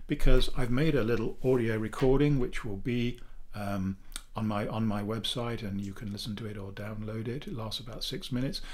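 A man, a therapist calmly teaching a self-help technique in a chatty video, with fillers, dropping softly for affirmations. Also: mid-range voice. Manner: calm, chatty explaining with fillers, softening to near-whispers for affirmations. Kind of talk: talking-head teaching video.

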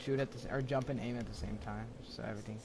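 A man's voice: medium pitch, steady tone, rapid-fire, heavy background noise. A man streaming a video game, joking and teasing in casual slang. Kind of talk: casual gaming stream banter.

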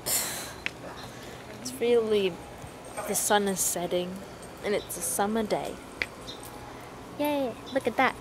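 A woman's voice: medium pitch, takes it slowly, long pauses, noisy background. A young woman filming her dogs outdoors on a handheld camera, laughing often and chatting playfully in baby talk to her pets. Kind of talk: casual home video chat. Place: outdoors at sunset.

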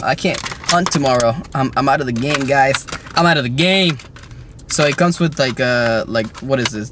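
A man chatting casually while unboxing toys, excitable and rambling, joking with his viewers. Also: medium pitch, background noise. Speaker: toy collector vlogger.

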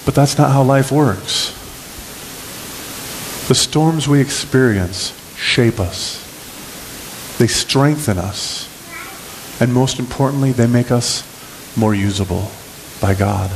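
Guy preaching in church, lively delivery, mid-pitched voice, faint hiss behind. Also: slow, pauses often, rough recording. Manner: animated preaching, acts out scripture scenes. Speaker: pastor. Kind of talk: sermon.

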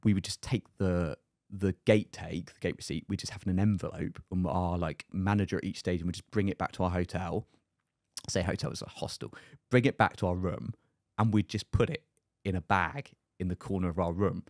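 A man, a podcast guest, telling a story in a lively, anecdotal way. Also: deep voice, a little fast, no room sound, clean studio sound. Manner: lively anecdotal, acts out other people's lines. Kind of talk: casual storytelling.

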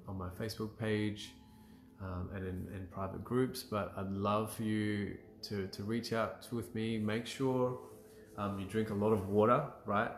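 A man leading a live emotional clearing session, guiding breathing and affirmations calmly, with frequent sighs. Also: on the low side, a little hiss or hum. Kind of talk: guided healing session on a livestream. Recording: roomy with faint music.

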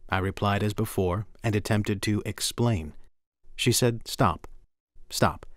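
Low-voiced man reading a memoir. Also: darkish tone, no room sound, clean studio sound. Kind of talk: documentary narration, first-person reading.

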